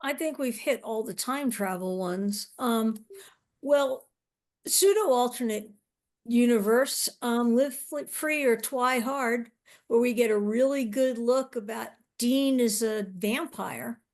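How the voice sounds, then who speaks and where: A woman with a fairly high voice talks very slowly in a relaxed chat. She is hesitant and thoughtful, pausing as she searches for words. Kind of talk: casual chat.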